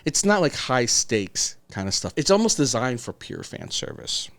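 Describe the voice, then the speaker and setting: A man's voice: mid-range voice, sing-song, normal speed, vocal fry, fairly bright tone, dry recording. A man co-hosting a casual reaction chat, rambling and questioning, often asking "right?". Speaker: co-host.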